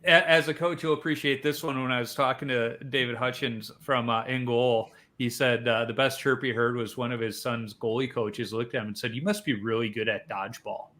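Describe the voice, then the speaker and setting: Man, forties, podcast host, casual chat, storyteller, mid-range pitch. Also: brisk, few pauses. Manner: relaxed storyteller, acts out quoted voices.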